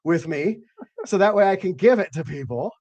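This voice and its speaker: Guy hosting a chat show, cusses constantly, goes off on tangents, pitch jumps all over. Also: normal speed, highs cut off. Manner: animated, profane, rambling. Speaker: host. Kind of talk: casual chat.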